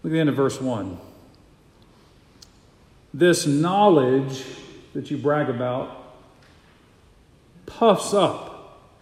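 A man's voice: medium pitch, lively intonation, takes it slowly, pauses often, a little mellow. A man preaching a sermon as a pastor, emphatic and repeating his key phrases for weight. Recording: echoey hall.

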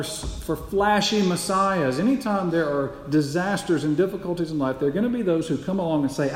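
A man's voice: a little high, moderate pace, few pauses. A man preaching a sermon as pastor, emphatic, repeating key phrases and asking the congregation rhetorical questions. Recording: echoey hall with long reverb.

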